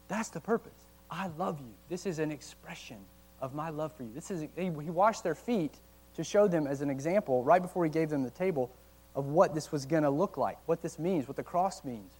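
A man giving a casual, conversational sermon to young adults, animated at times and slowing down to read old quotes aloud. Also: a little high, low-quality recording. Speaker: college ministry teacher. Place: church meeting room.

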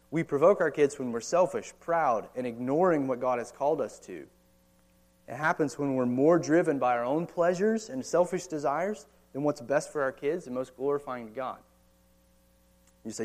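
Speaking at a moderate pace with a medium-pitched voice, an American pastor in his thirties gives a sermon in a church or meeting hall. He talks conversationally, often posing rhetorical questions and slipping in casual asides.

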